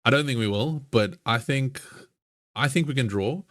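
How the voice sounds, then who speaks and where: A man co-hosting a football podcast in easygoing chat, his voice at an ordinary middle pitch. He talks loosely, throws in "bro" and laughs easily. The sound is dry and close, with no room echo. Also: moderate pace, fairly bright tone. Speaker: podcast co-host.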